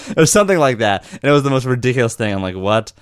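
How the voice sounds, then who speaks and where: A man in casual comedic conversation, rambling through stories and acting out quoted lines with animated swings. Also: mid-range voice, very fast, clear, resonant tone, no room sound, studio quality.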